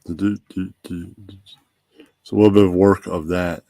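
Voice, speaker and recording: A man with a very deep, low voice, heard close and dry with no room sound. He is the host, chatting casually and rambling to himself as he gets a live show started. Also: moderate pace, vocal fry, no echo. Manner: relaxed, rambling, talks to himself while setting up. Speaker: podcast host. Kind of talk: casual chat before a live stream.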